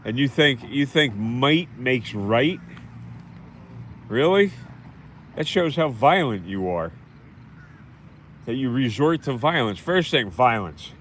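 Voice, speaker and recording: A man's voice: mid-range voice, animated, slow, long pauses, fairly bright tone, a little hiss or hum. A man hosting a livestream, ranting bitterly and scornfully and repeating himself in a rambling monologue. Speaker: livestream host.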